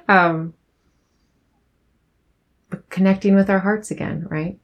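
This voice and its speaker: A woman's voice: medium pitch, steady tone, takes it slowly. A young woman hosting her own podcast, talking in a casual, rambling, giggly way as she reflects on past episodes. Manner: rambling, giggly, soft-spoken. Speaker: podcast host.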